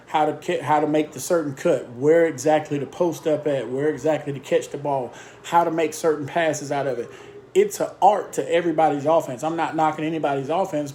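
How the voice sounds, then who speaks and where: A man's voice: on the high side, a little mellow, slight background noise. A man talking as a basketball coach, emphatic and fond of repeating short punchy lists of instructions. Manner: emphatic, repetitive drill-style lists; speaks in short punchy phrases. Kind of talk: casual coaching talk.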